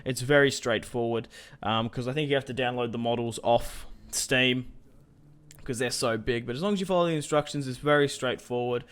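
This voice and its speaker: A man's voice: medium pitch, fairly quick, a bit bright, clean tone. A young man giving casual, rambling commentary on a strategy game, thinking aloud with fillers. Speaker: gaming YouTuber.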